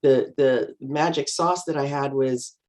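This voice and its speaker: A middle-aged woman talking as a guest, telling stories calmly and acting out the voices of people she quotes. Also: extremely low pitch, unhurried. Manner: calm, anecdotal, acts out quoted voices. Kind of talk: casual storytelling chat.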